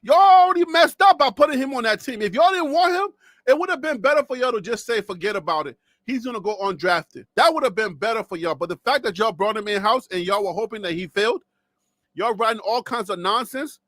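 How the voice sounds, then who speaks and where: A man from Liberia ranting on a live sports stream, animated and mocking, dropping to low asides and rising to shouts while losing his voice. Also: fairly quick, no echo, studio quality. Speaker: sports commentator.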